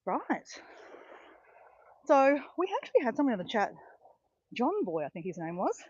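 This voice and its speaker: Excitable woman, breathy voice. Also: a little high, moderate pace. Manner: excitable, gushing, chatty. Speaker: walking vlogger on a live stream. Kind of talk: casual chat to live viewers. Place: outdoors on a beach walk. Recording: dull lo-fi phone audio.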